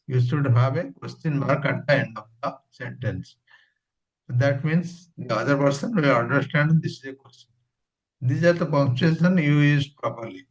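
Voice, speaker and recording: A man teaching English punctuation in class, repeating example sentences and spelling out each rule. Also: mid-range voice. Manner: slow, repeats examples, gives plain rules. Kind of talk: classroom grammar lesson. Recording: dull lo-fi sound.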